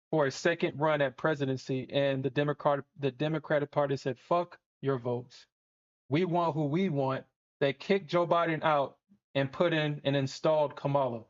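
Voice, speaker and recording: A man hosting a live trading stream, chatting casually, swearing and laughing as he talks. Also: a little high. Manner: animated, swearing, laughing often. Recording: dull lo-fi stream audio.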